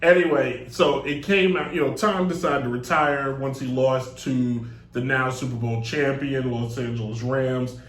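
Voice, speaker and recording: Animated joking sports radio host. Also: male voice, medium pitch, measured pace, hardly any pauses. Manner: animated, rambling, jokey. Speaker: sports talk show host. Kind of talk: casual live sports radio talk. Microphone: desk mic on a stand. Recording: echoey room.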